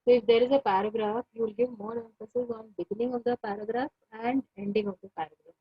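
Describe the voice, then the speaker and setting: A woman with an Indian English accent gives an online class lecture, her slightly high voice husky. She circles back over her points and fills pauses often. The sound is dull and dry, with no room around it. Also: fairly even intonation, no room sound. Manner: repetitive, pauses with many fillers.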